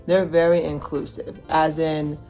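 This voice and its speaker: A woman with a notably low voice talks through her review in a loose, casual way, full of fillers and restarts. Faint music plays quietly behind her. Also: little pitch movement, measured pace. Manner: rambling, filler-heavy, frequent restarts. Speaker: show reviewer.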